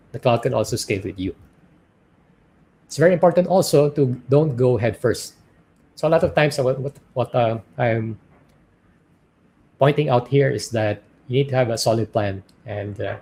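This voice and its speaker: A man's voice: medium pitch, darkish tone. A man with a Filipino accent presents at a startup conference, explaining step by step and often checking in with his listeners. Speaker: conference speaker. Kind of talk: business presentation.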